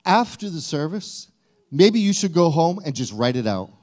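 A man's voice: fairly high pitch, sing-song, moderate pace, a little mellow. A male pastor preaching a sermon in a conversational way, often repeating and restarting his phrases.

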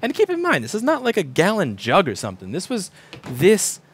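A man's voice: high voice, huge pitch swings, a little fast, breathy edge. A man in his thirties, a repair shop owner, ranting casually to camera, profane, acting out quoted people in shifting voices.

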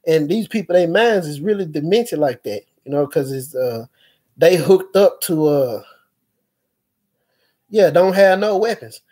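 A man with a somewhat higher-pitched voice talks in a loose, rambling monologue. He stops often on fillers and restarts his sentences as he goes, keeping a conversational tone. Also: animated, a little slow, dark tone, husky. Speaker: speaker recounting experiences.

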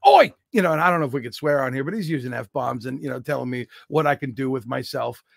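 A man's voice: medium pitch, fast, creaky, a bit bright, no echo, studio quality. A man, a comedian guest on a podcast, telling a story with self-deprecating, jokey asides. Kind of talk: comic storytelling.

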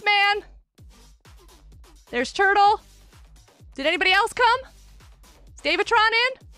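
Very high, excitable woman streamer. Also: dry recording. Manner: excitable, cheers players on, frequent laughs. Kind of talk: live Minecraft stream chat.

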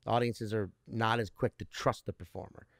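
A man's voice: lowish voice, fairly even intonation, moderate pace, vocal fry, a bit bright, dry recording, studio quality. Rambling, profane male comedian. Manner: rambling, profane, restarts a lot. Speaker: stand-up comedian guest. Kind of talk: casual podcast interview.

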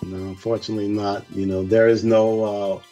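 A man's voice: lowish voice, flat delivery, brisk, dark tone, muffled recording, soft background music. Friendly male interview host. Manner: friendly, affirming, brief interjections. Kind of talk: casual interview chat.

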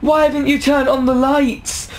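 A man's voice: very high voice, flat delivery, normal speed. A young man commenting on a horror video game, jumpy, yelping and talking back at the characters. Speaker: gaming YouTuber.

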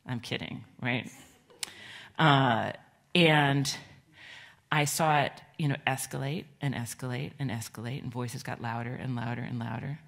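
A middle-aged woman pastor giving a children's sermon in a church, gentle and conversational, asking the children questions. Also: extremely low pitch, steady tone, measured pace, vocal fry. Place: church sanctuary.

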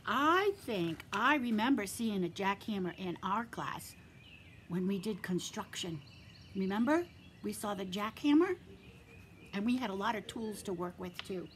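A woman teacher gently reading a picture book aloud to young children, speaking straight to them and dropping to a soft whisper for quiet parts. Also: mid-range voice, lively intonation, a little slow, slight background noise. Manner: gentle and encouraging, addresses children directly; stops to point out real sounds around her. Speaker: preschool teacher.

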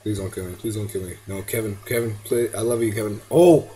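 A teenage gamer, husky and lowish-voiced, talks fast through casual gameplay commentary on poor audio. He gets excitable, yelps and pleads at the game, and slips into now and then.

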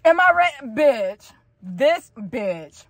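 Woman reaction host, excitable and profane, highish voice, dry close sound, talking from a car. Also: slow, no echo. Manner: excitable, gushing, swears freely. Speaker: video host reacting to a TV show. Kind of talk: casual reaction commentary.

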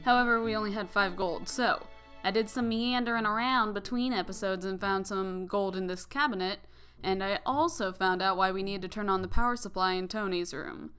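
Young woman, let's-play host, rambling casual commentary, mid pitch, soft music behind. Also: steady tone, normal speed, clear, resonant tone. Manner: chatty, rambling, giggly asides. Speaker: gaming channel host.

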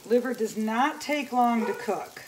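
A woman's voice: a little high, lively intonation, measured pace. A woman hosting a home cooking demonstration in her kitchen, chatting viewers through each step. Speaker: home cooking channel host. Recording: loud sizzling pan noise.

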